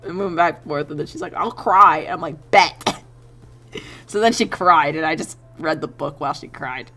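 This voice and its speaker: Young woman streamer, lower voice, laughing. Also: a little fast, bright, forceful tone, faint music behind. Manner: swearing, laughing, storytelling, plays the people she quotes. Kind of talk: casual chat while drawing on stream. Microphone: desk mic.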